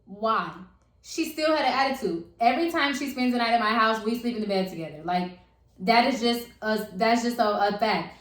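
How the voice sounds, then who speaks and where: A young woman telling a story in casual chat, animated and profane, acting out the people she quotes. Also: a little high, normal speed. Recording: echoey room.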